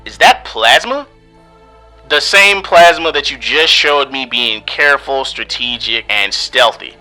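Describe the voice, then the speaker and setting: A man's voice: mid-range voice, expressive, a little slow, pushed and bright, faint music behind, low-quality recording. A man hosting a review show, delivering scripted commentary in an exasperated, sarcastic tone full of rhetorical questions. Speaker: host and reviewer.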